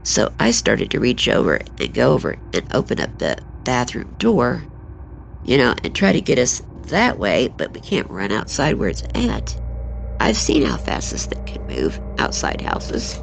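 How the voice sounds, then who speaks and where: A woman in her sixties, a guest on an interview show, retelling a frightening personal experience in an emotional, halting way. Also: extremely low pitch, huge pitch swings, creaky, slight background noise. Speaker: guest recounting an encounter.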